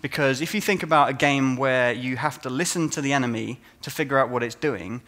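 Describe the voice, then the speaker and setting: Man giving an animated conference talk. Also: mid-range voice, a little fast. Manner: animated storytelling, acts out players' reactions. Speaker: conference speaker, game designer.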